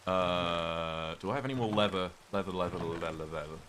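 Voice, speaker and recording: Young british guy streaming, rambly chat w viewers, lowish voice but bright, bit of rain in the background. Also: moderate pace, noisy background. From Britain. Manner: rambling, chatty, reads and thanks chat. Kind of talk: casual livestream chat while gaming.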